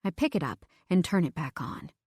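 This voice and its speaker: A woman's voice: low voice, lively intonation, a little fast, a little mellow, slightly rough, no room sound, clean studio sound. A young woman narrating a romance audiobook in the first person, emotive, lifting her voice for her own text messages.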